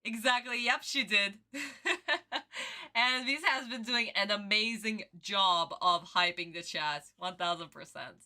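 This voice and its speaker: A woman streamer giving casual livestream reaction commentary in an animated, exclamatory way, swearing freely. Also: mid-range voice, a little slow.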